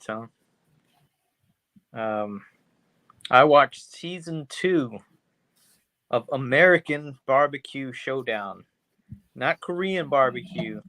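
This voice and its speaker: An easygoing man co-hosts a podcast, talking casually with plenty of pauses and fillers and the odd curse. His voice sits at an ordinary middle pitch and sounds dry, with no room echo. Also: a bit bright. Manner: easygoing, halting, profane. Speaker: podcast co-host. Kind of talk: casual chat.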